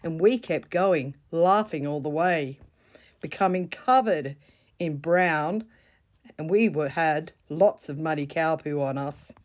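A woman with an Australian accent, reading a children's bedtime story slowly and gently. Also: deep voice. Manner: slow, gentle, deliberate reading.

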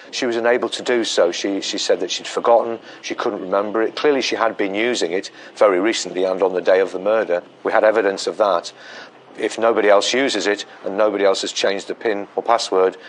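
Low-voiced detective, halting. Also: male voice, slight background noise. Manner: measured, hesitant with many fillers. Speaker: police detective. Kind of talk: documentary interview.

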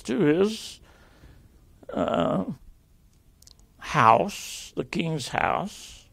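An older man teaching a Bible lesson, reading scripture aloud and explaining it in a slow, halting way. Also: on the high side, sing-song, creaky.

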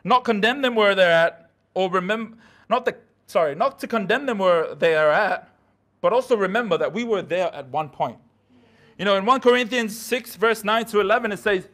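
A man's voice: high voice, lively intonation, moderate pace, fairly bright tone. A man preaching a midweek sermon in a church, talking casually with slang and asides.

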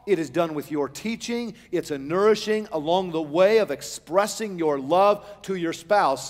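A man, the pastor, preaching a sermon in a church sanctuary on a pulpit microphone, animated, with humorous asides. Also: sits high. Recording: long church-hall reverb.

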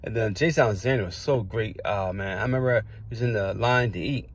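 Quick-paced and slightly rough, a middle-aged man's low voice wanders through casual storytelling, hopping between personal anecdotes in a digressive, rambling way. It's a dry recording.

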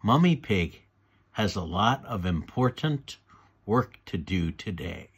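A man reading a children's storybook aloud, slowly and deliberately, for kids to read along. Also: lowish voice, sing-song, breathy edge. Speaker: storybook reader.

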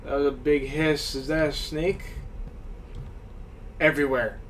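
A man giving let's-play commentary on a horror game, with loud, swearing reactions to scares. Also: on the high side, fairly even intonation, measured pace, far from the mic, a little hiss or hum. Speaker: gaming YouTuber.

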